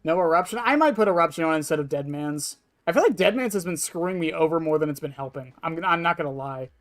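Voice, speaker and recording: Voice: medium pitch, lively intonation, quick pace, soft background music. A streamer casually talking through a match of an online horror game and answering chat, blunt and offhand, swearing freely. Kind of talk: casual live-stream gameplay commentary.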